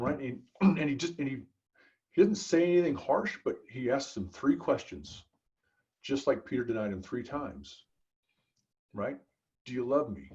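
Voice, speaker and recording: A man holds forth as a podcast guest, swinging his voice up and down with lively, emphatic energy. He talks in a preachy, storytelling way, tossing in casual asides. The recording sounds a bit dull and muffled. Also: mid-range voice. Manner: emphatic, preachy, frequent "dude" and "right?". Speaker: podcast guest, business consultant. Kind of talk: animated conversational storytelling.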